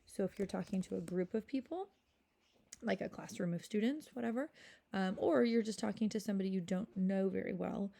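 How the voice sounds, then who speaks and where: A woman's voice: medium pitch, brisk, creaky, mellow. A woman teaching a recorded French grammar lesson, patient and explaining step by step, checking in with "okay?" again and again.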